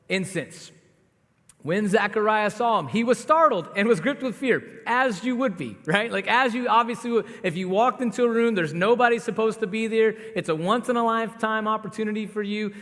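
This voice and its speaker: A man preaching a sermon as pastor, telling the story in a conversational, animated way with asides to the congregation. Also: high-pitched. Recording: long hall reverb.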